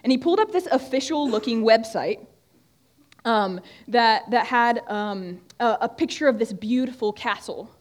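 A woman's voice: fairly high pitch, animated, normal speed. A young woman giving a conversational Bible talk to a group, often restarting her sentences. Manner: conversational, with frequent restarts and fillers. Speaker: student ministry speaker. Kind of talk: sermon-style Bible teaching. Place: room with a group of listeners.

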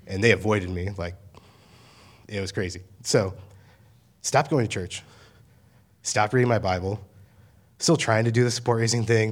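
A young man in his twenties on campus ministry staff, giving a casual, conversational sermon full of fillers and paraphrased asides. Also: on the low side.

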